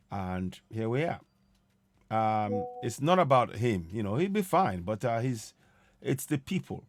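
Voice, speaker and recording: A man's voice: mid-range voice, no room sound. A man hosting an online commentary show, speaking emphatically and repeating his key points. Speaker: host.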